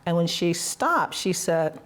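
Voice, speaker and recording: A woman's voice: fairly low pitch, big pitch swings, a little slow. A woman hosting an interview, telling reflective stories and encouraging her guest with affirming questions. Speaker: podcast host. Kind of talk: heartfelt conversational interview.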